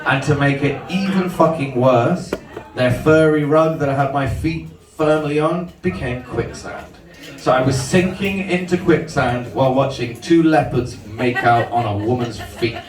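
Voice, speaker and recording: A man's voice: medium pitch, unhurried. Male stand-up mid-set, profane storytelling, recorded from a distance in a roomy hall. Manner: storytelling with swearing and laughs. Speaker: stand-up comedian. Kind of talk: stand-up comedy. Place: comedy venue with audience. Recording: roomy live venue from far off, crowd.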